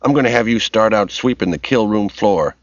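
A man doing a gruff slaughterhouse boss. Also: on the low side, fairly quick, no echo, natural voice. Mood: brusque. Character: blunt middle-aged male slaughterhouse supervisor. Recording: dull lo-fi recording.

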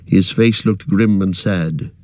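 Brief: male narrator, measured storytelling, low voice, dry close sound. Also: warm tone, dry recording. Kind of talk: audiobook narration.

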